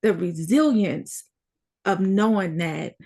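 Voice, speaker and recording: A woman hosting an interview, giving her guest slow and emphatic praise. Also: on the low side, a little mellow. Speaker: host. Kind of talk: interview chat.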